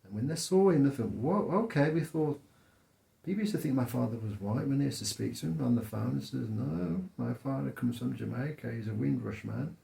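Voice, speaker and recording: Gravelly man telling stories. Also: medium pitch, fairly quick, reverberant. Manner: storytelling, animated. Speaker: co-host. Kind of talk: casual chat.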